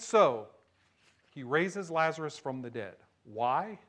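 A male pastor preaching a sermon, shifting between hushed emphasis and loud, excited storytelling. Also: on the high side, slow.

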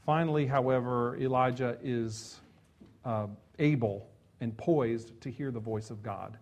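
A man preaching a sermon in a conversational way, moving between loud emphasis and soft, hushed passages, with chuckles and asides. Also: mid-range voice, measured pace. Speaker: pastor.

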